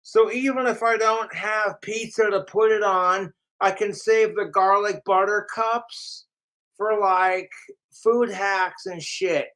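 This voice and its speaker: A man's voice: high voice, fairly even intonation, takes it slowly, a bit bright, rough recording. A man ranting casually to camera, profane and mocking about his trolls. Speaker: vlogger.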